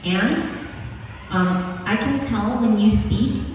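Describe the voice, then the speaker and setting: A woman's voice: mid-range voice, slow, darkish tone, a little hiss or hum. A woman coaching students on public speaking, giving direct feedback and checking "okay?" after each point. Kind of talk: classroom feedback. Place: large room with students. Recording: echoey hall from far off.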